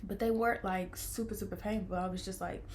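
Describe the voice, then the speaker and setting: A young woman talks casually to her viewers, retelling events in a lively way. She jumps into the voices of the people she quotes and laughs along as she goes. Her pitch sits in the middle for a woman. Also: fairly quick, a little hiss or hum. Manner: animated, acts out quoted voices, laughs often. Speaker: vlogger telling her birth story. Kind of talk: casual storytelling to camera.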